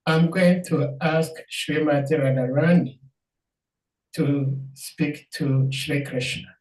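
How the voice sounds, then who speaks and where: Slow, earnest participant, distant mic, roomy echo on call audio. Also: medium pitch, a little mellow. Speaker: participant and moderator. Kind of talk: reflective casual talk.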